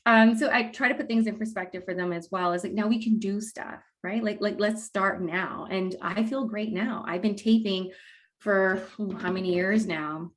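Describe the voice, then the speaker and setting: A woman talking as a guest expert in a casual interview, explaining in a lively way and acting out what parents say. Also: medium pitch, moderate pace. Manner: animated, acts out quoted parents with laughs. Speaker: guest expert on mouth breathing.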